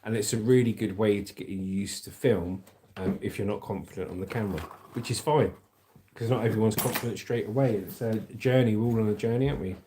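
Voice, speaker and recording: A man's voice: fairly low pitch, fast talker, warm tone, slight background noise. A man hosting a casual livestream, chatting and reading out viewer comments in a rambling way. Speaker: livestream host. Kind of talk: casual live chat.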